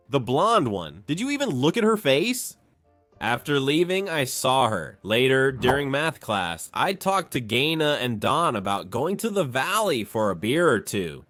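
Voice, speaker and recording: A storyteller with a medium-pitched, fairly bright voice tells a comic tale in a casual spoken way, voicing every other character himself. He uses crude slang and keeps saying "man." There's no echo.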